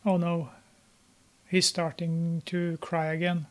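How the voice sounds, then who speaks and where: Slow, flat-voiced, hesitant film commentator. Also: mid-range voice. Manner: hesitant, many filler pauses. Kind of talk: casual running commentary while watching a film.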